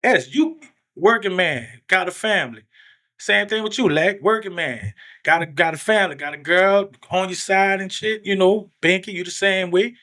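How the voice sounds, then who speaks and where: A man's voice: high-pitched, moderate pace, bright, forceful tone. A man talking bluntly in casual chat, slangy and affirming toward the people he is talking with.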